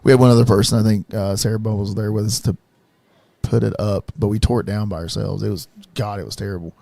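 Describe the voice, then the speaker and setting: Gravelly man spinning a wrestling tale. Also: on the low side, fast, no room sound. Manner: animated storyteller, laughs often, acts out quotes. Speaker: professional wrestler guest. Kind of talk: casual podcast storytelling.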